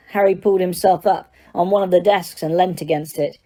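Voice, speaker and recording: A woman narrating an audiobook in a steady, dramatic storytelling manner. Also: on the low side, brisk, few pauses. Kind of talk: scripted narration.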